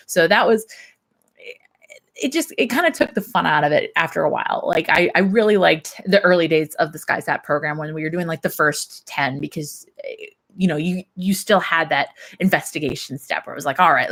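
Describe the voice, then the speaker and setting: A woman's voice: deep voice, a bit bright. A young woman and systems engineer chatting casually on her livestream, laughing often.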